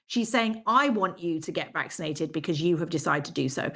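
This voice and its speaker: A woman's voice: lowish voice, fairly even intonation, a little fast, a bit bright. A middle-aged woman giving an academic lecture in a conversational way, with frequent fillers and quoted asides.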